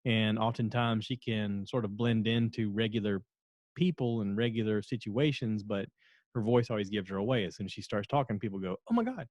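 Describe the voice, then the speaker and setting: A man's voice: lowish voice, darkish tone, no room sound, lo-fi sound. A middle-aged man hosting a solo podcast, chatting casually in a rambling, self-deprecating way. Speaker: podcast host.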